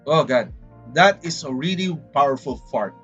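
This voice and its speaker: Speaking straight to his chat in a rambling, dramatic way, this man from the Philippines has a Filipino English accent and keeps things casual on his livestream. His voice is fairly high, animated, and a bit bright, at a moderate pace. Faint background music plays under dull, lo-fi stream audio.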